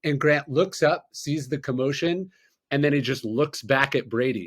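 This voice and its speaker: Calm, measured podcast host. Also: male voice, mid-range voice. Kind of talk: podcast interview.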